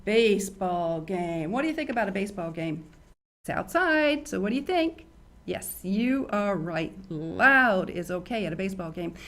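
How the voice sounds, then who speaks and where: An older woman hosting a children's show, teaching young kids in an animated, teacherly way and asking them questions. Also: medium pitch, moderate pace.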